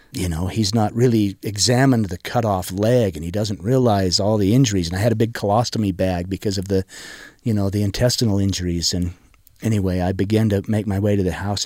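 A man's voice: lowish voice, darkish tone, dry recording, studio quality. A middle-aged man, a guest in an interview, telling a personal story in an earnest, emotional way, often stopping and restarting his sentences.

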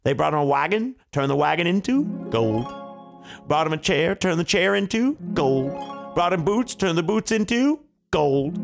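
Male family storyteller, playful asides, gravelly, very lively pitch, slightly high. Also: normal speed, faint music behind. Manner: playful, chuckling asides to kids.

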